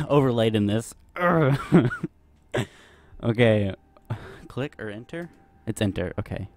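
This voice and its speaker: A young man with a lowish voice rambles nervously through let's play commentary on a horror game, packing his talk with fillers. There's a little hiss or hum on the audio.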